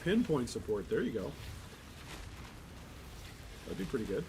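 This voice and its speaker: A man's voice: mid-range voice, sing-song, a little slow, background noise. A man hosting a gaming channel, giving casual gameplay commentary with rambling, exasperated asides.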